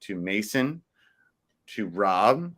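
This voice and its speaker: A man co-hosting a casual sports podcast, playful and jokey, slipping into quick rhyming riffs. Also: on the low side, very animated, a bit bright. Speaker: podcast co-host.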